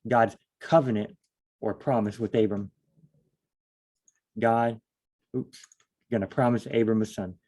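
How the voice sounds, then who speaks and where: Rambling man with a mellow voice. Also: on the low side, fairly even intonation, measured pace, pauses often. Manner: rambling, self-deprecating, thinks aloud. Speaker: Bible study host. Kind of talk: casual Bible study talk.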